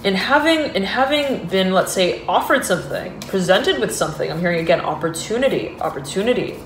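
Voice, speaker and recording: Speaking at medium pitch, animated and a little fast, this woman offers an intuitive tarot reading from an echoey room with a bit of background noise. Her talk wanders, full of hesitations, restarts and fillers, broken up by frequent giddy laughter.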